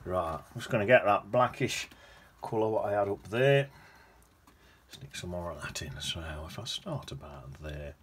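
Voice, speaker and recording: Chatty low-voiced man. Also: lively intonation, moderate pace, husky. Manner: chatty, rambling, hums to himself while painting. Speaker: watercolour painting teacher. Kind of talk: casual painting demonstration.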